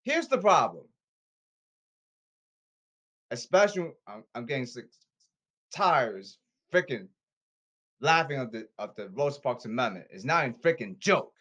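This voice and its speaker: A man's voice: mid-range voice, very animated, a little slow, pauses often, a bit bright. A man delivering an angry, repetitive rant, scolding and demanding, often stumbling over his words.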